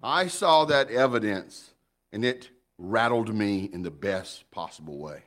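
A middle-aged man preaching a sermon in an animated, folksy way, often repeating words as he builds up. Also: lowish voice, measured pace. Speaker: pastor.

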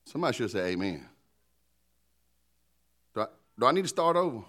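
Animated joking preacher man, lively pitch. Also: brisk. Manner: animated, joking, conversational preaching with call-and-response. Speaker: pastor. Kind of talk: sermon.

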